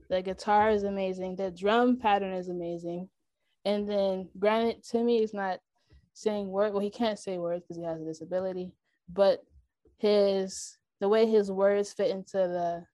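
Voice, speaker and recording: A woman's voice: medium pitch, a little mellow, no room sound. A woman co-hosting a podcast, explaining herself sheepishly in casual chat with a lot of giggling. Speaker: podcast co-host.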